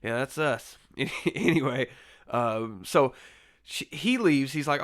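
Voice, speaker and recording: A man's voice: medium pitch, measured pace, fairly bright tone. A man casually reviewing a horror film, rambling with lots of fillers and restarts and laughing easily. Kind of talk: casual spoken movie review.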